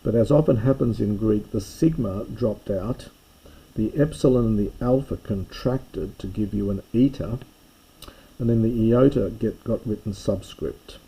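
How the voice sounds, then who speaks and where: Male teacher for a grammar lesson, deep and very warm tone with a slightly husky edge, careful and methodical. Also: a little slow, poor audio. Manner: careful, methodical explanation with small self-corrections. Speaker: Greek teacher.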